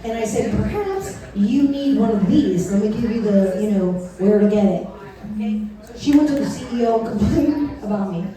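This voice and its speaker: A woman's voice: medium pitch, fairly quick, mellow. A woman doing a stand-up comedy set on a club stage, bawdy and acting out both sides of her stories, laughing at her own jokes. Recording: very echoey club, recorded from far off.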